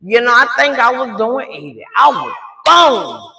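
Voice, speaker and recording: A middle-aged woman telling a story live in a casual way, animated and talking straight to her audience. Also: on the high side, measured pace, echoey room, low-quality recording.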